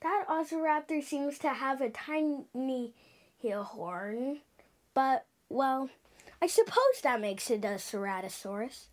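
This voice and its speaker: Animated high-voiced woman playing time traveler. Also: slow. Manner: animated, with sound effects and loud gasps; drops into hushed whispers. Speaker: host of a dinosaur show. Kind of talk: playful pretend time-travel narration.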